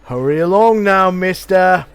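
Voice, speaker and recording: A man's voice: sits high, animated, a little slow, clear, resonant tone, voice pushed up. A man voicing a cheeky young village boy who brags about his blacksmith father, in a teasing sing-song manner.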